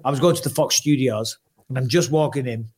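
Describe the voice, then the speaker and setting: A man's voice: mid-range voice, fairly quick, slightly rough. A middle-aged man with an English accent, hosting a casual podcast and acting out voices in his stories. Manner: animated storyteller who acts out voices. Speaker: podcast host. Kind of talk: casual podcast chat and read ad.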